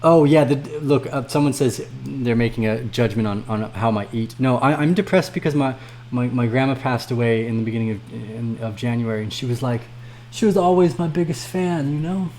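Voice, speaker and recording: A man hosting a crypto trading livestream, chatting casually with viewers, swearing freely and swinging from low mumbles to loud rants. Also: a little fast, a little hiss or hum.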